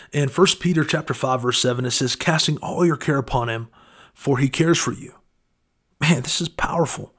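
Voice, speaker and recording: Man, casual devotional teaching, conversational, relaxed filler words, mid-pitched voice. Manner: conversational, frequent fillers like "man" and "you know". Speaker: preacher.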